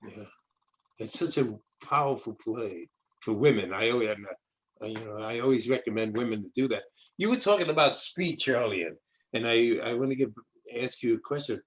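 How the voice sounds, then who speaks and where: A man's voice: medium pitch, expressive, brisk, rough recording. An older man from the South Bronx, hosting a video-call interview in a rambling way, often restarting his sentences. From South Bronx, New York. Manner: rambling, repeats words and restarts. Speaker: host. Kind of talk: casual interview chat.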